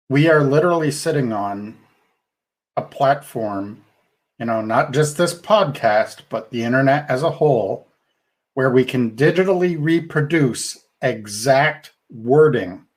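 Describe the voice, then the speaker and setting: A middle-aged man co-hosting a podcast, talking things through in a thoughtful, rambling way with restarts. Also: medium pitch. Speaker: podcast co-host. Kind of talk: casual podcast discussion.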